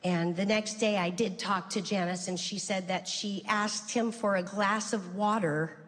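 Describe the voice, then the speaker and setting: A woman's voice: mid-range voice, fairly even intonation, a little slow. A middle-aged woman doing stand-up, telling a family story in a loose, conversational way and acting out relatives' voices. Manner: conversational, lots of "like" and restarts, acts out family members' voices. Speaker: stand-up comedian. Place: comedy stage in a large venue. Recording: reverberant hall with faint ambience.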